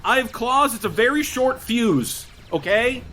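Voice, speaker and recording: Blunt, short-fused clawed mutant, played by a man. Bright, sharp tone with a lively pitch and faint noise behind. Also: measured pace, full character voice. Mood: irritable. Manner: blunt, grudging.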